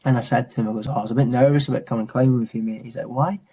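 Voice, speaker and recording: Husky, mellow man in his thirties chatting. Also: medium pitch, steady tone, racing. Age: 30s. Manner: chatty, says "mate" often, restarts and fillers. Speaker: mountain and adventure training instructor. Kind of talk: casual reflective interview talk.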